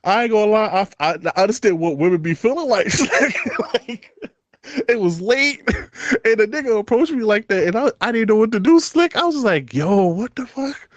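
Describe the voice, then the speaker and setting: A man's voice: high-pitched, lively intonation, moderate pace, no room sound. A man with a Brooklyn accent telling a story on a podcast in slangy street talk, laughing as he goes. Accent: Brooklyn, New York. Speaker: podcast co-host. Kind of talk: casual storytelling chat.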